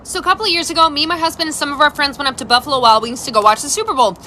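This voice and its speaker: A woman's voice: sits high, racing, a little hiss or hum. A woman in her thirties casually telling funny family stories, acting out the people she quotes and laughing often. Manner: animated, acts out quoted voices, laughs often. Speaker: storyteller. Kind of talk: casual storytime monologue.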